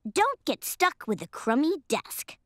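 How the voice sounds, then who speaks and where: A woman's voice: high-pitched, wildly swooping pitch, unhurried, fairly bright tone, dry recording, clean studio sound, heavily acted. A woman voicing a brash, know-it-all young boy in a cartoon. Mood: bossy. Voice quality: bossy, brash.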